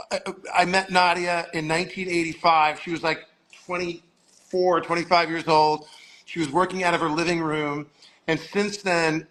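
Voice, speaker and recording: Speaking from an agency office, this guest storyteller, a man around sixty who hails from Long Island, New York, rambles through lengthy anecdotes while acting out the voices of those he quotes. He has a high, sharp-toned voice, and the audio quality is poor.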